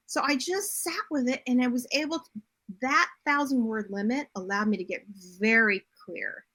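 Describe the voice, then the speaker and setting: Bright and fairly high, this middle-aged woman talks as a guest on a podcast. She tells her story directly, with a lot of animation, and her voice rises in the lively moments. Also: fairly quick. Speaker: podcast guest, bodymind coach and writer. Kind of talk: casual interview chat.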